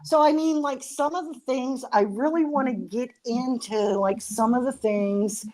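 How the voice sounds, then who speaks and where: A woman's voice: high-pitched, measured pace, darkish tone, low-quality recording. A woman co-hosting a casual podcast, chatty and giggly, often trailing off mid-sentence. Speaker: podcast co-host.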